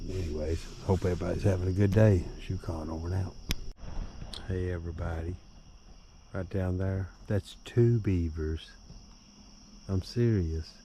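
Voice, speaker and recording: Deep-voiced and moderately paced, this man pauses often as he vlogs beside a river on a handheld camera, a bit drunk from his bikepacking trip. His rambling talk is peppered with swearing and chuckles, over loud outdoor sounds of crickets and insects.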